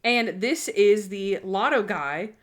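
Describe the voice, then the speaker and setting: A woman's voice: medium pitch, lively intonation, takes it slowly. A woman co-hosting a podcast, chatting casually and gushing like an enthusiastic fan. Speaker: podcast co-host. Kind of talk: casual chat.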